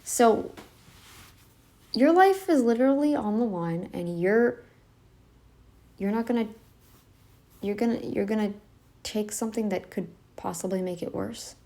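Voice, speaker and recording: A woman's voice: mid-range voice, lively intonation, measured pace, long pauses, mellow. A woman hosting a reaction channel, giving a casual commentary that is emphatic and sarcastic, firing off rhetorical questions at the listener. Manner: sarcastic, addresses listeners directly.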